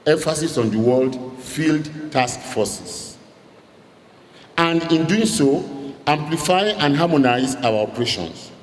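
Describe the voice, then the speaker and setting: A man giving a rousing, emphatic rally speech as a campaign director general, calling out to the crowd. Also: mid-range voice. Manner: rousing, emphatic oratory with crowd call-outs. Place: large hall at a rally. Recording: echoey hall recording with faint ambience.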